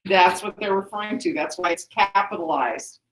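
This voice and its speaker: A woman's voice: mid-range voice, normal speed. A woman teacher explaining a play to students in a classroom, often checking with "okay?". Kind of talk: classroom lesson. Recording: echoey classroom.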